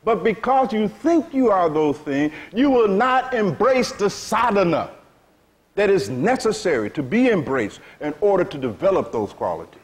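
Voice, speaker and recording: A man's voice: high-pitched, sing-song, moderate pace. A man teaching a sermon to a seated audience, speaking frankly in vernacular phrasing and repeatedly asking "you see?". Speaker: spiritual teacher.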